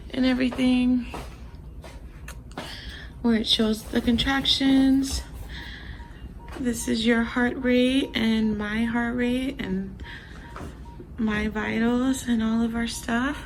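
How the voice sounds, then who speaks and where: Soft-spoken young woman, slow and chatty. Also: fairly high pitch, fairly even intonation. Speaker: vlogger. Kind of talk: casual vlog in a hospital room. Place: hospital delivery room. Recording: echoey room, faint background noise.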